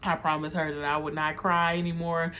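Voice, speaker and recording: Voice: medium pitch, level tone, sharp tone. Young adult confiding a painful story. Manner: heartfelt, confiding, talks to viewers as y'all; halting, with frequent um and like. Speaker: video creator. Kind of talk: candid personal storytelling.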